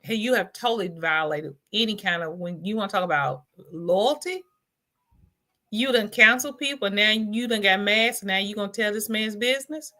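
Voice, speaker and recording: Forceful woman host scolding in commentary. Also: medium pitch, moderate pace. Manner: incredulous, scolding. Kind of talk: casual reaction commentary.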